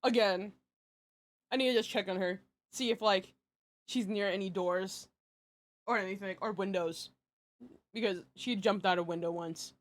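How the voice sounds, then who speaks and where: A woman's voice: mid-range voice, moderate pace, pauses often. A young woman answering questions on a casual live stream, rambling and giggly with many fillers and restarts. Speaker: streamer and project creator.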